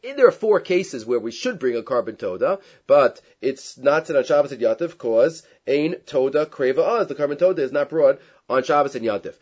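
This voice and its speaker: Lively-voiced rabbi teaching, lo-fi. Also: male voice, medium pitch, normal speed. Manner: reads Hebrew sources, then explains them in English; conversational, with asides and rhetorical questions. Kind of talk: lecture on Jewish law. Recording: dull lo-fi recording.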